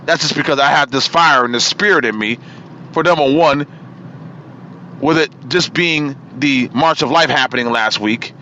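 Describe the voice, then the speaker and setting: Over dull audio with a bit of hiss or hum, this man delivers a political talk radio monologue in a mid-range voice at a moderate pace. His tone is sharp and his rant fiery, hammering points through repetition and calling out his targets by name.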